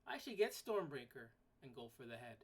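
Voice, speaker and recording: A woman's voice: rumbling low, very animated, a little fast, breathy edge. Blunt ranting woman podcaster. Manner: blunt, ranting, swears casually; repeats words and restarts sentences when worked up. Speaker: podcast host. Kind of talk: solo podcast rant.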